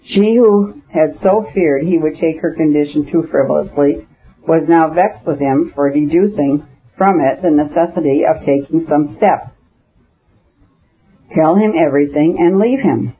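Brief: male narrator, husky and slightly high, measured novel reading, dull lo-fi sound. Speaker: audiobook narrator. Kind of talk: scripted narration of a classic novel. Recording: dull lo-fi audiobook recording.

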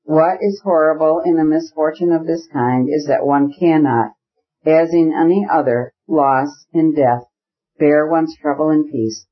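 A man reading the part of a cold, formal husband, aloof and measured in every phrase. The voice sits a little high for a man. It comes through a dull, lo-fi recording. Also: fairly even intonation. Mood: bitter. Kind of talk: audiobook character reading.

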